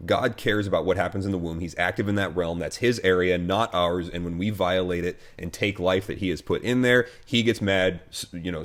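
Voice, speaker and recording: Low-voiced American pastor, casual commentary. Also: male voice. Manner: conversational, many fillers and restarts, wry.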